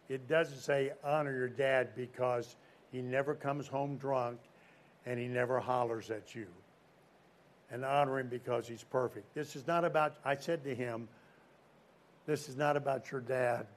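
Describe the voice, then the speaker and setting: Preacher man telling a story. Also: medium pitch. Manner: storytelling, asks the crowd questions; swings from loud emphasis to quiet. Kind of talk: sermon to young people.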